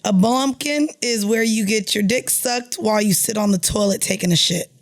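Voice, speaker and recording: A woman's voice: mid-range voice, normal speed. A woman co-hosting a podcast in a studio, talking in a brash, crude and playful way. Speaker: podcast co-host. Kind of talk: casual chat.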